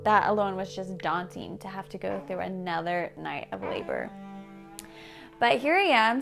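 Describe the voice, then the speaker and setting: Young woman telling an emotional story, gravelly. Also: mid-range voice. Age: young adult. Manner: emotional, reflective, halting with restarts. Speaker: family vlogger. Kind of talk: personal storytelling to camera. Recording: soft guitar music behind.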